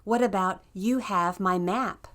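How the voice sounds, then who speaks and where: A woman's voice: mid-range voice, unhurried, fairly bright tone. A woman narrating a scripted language lesson in an upbeat, encouraging way. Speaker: language teacher.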